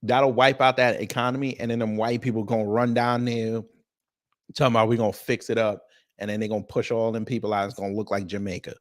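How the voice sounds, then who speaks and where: A man hosting a casual commentary show, swearing freely and mocking with animated energy. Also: on the low side, fast. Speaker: host.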